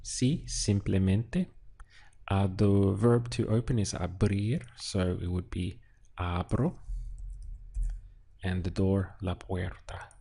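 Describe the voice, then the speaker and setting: A man walks through a translation in an unhurried, methodical way, pausing to think aloud. His voice sits low and a little husky. Soft keyboard clicks and typing can be heard behind him. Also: little pitch movement. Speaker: Spanish teacher. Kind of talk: unhurried lesson walkthrough while writing.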